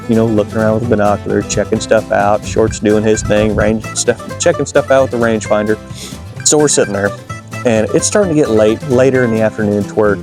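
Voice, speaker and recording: Midwestern man, hunting vlog host, excitable folksy recap over guitar music. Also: on the low side.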